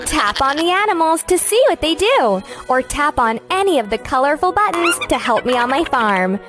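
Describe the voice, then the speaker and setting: Annie, a sunny farm guide. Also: female voice, high voice, sing-song, over music. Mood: sunny, encouraging. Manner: slow, sing-song, encouraging. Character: cheerful young woman farmer guiding kids. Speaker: game guide character. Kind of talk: scripted children's game voice-over.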